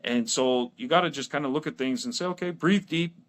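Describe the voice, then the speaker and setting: A man's voice: a little high, brisk, fairly bright tone. Chatty man telling a long joke. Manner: storytelling with lots of restarts and laughs. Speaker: podcast co-host. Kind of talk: casual chat.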